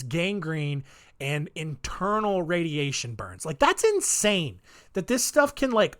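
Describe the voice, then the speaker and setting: A man's voice: a little high, fairly bright tone. A man hosting a solo podcast, telling stories in a rambling, offhand way full of ums and wry asides. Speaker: podcast host. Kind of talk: casual solo podcast storytelling.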